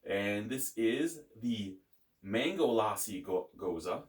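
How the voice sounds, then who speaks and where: Rambling low-voiced man reviewing beer. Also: lively intonation, slow, roomy sound, far from the mic. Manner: rambling, swears and jokes. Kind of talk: casual beer review chat.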